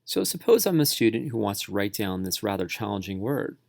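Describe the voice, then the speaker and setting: A man teaches spelling strategies in a calm tutorial voice, breaking words into syllables slowly and clearly. His voice carries a heavy gravelly fry. The sound is close and dry, with no room behind it. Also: fairly low pitch, no echo. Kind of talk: instructional tutorial narration.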